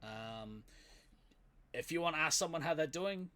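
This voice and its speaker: A man's voice: on the high side, animated, unhurried, pushed and bright. A man with a New Zealand accent, co-hosting a podcast in casual chat. He laughs often and trails off with fillers. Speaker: podcast co-host.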